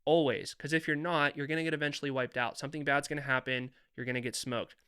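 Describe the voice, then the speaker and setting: Bright, crisp-voiced man explaining investing. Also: mid-range voice, little pitch movement, fast talker. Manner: emphatic, confident, repetitive phrasing. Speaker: investing channel host. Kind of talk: explaining over charts.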